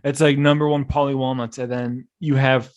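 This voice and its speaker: A young man hosting a podcast, rambling through animated stories full of restarts. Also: mid-range voice, moderate pace, clear, resonant tone, highs cut off. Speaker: podcast host. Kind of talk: casual chat.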